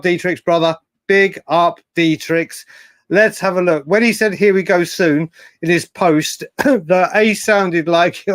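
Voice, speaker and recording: Excitable man hosting a live stream. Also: sits high, no room sound, studio quality. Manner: excitable, rambling, slangy banter. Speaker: host of a live fan stream. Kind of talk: live stream chat reading super chats.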